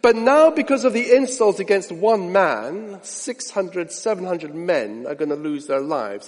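Male preacher, high animated voice, sermon with rhetorical questions and hushed asides, long hall reverb. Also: measured pace, hardly any pauses.

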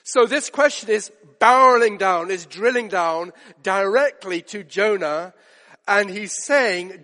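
A man's voice: sits high, takes it slowly, bright, forceful tone. A man preaching a sermon, earnest and building to emphatic rhetorical questions. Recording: long hall reverb.

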